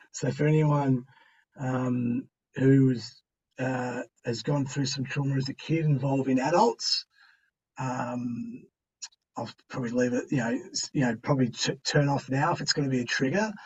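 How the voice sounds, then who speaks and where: An Australian man telling his own story as a podcast guest in a slangy, conversational way, with pauses and restarts. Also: medium pitch, creaky, a little hiss or hum. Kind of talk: candid storytelling. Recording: distant, dull-sounding mic.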